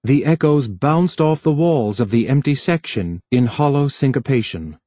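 A man's voice: medium pitch, expressive, normal speed, dark tone, no echo. Man narrating a novel, dry sound. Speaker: audiobook narrator. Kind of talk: scripted narration.

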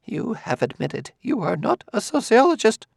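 A high, swooping, fussy voice of an older male scholar who is easily shaken, as a man reading an audiobook puts him on. The pitch darts all over, with a gravelly edge and a dry, close sound. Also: very animated, moderate pace, no room sound, heavily acted. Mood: uneasy. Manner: high, trembling, fussy and uneasy. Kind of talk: audiobook character voice.

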